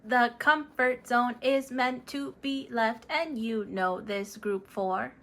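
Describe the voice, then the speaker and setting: A woman voicing an earnest, polite robot puppet who reads tarot messages in a measured way, sprinkled with beeping noises. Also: a little high, a bit bright, pitched above the performer's own voice. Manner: slow, measured delivery broken up by "beep boop" noises.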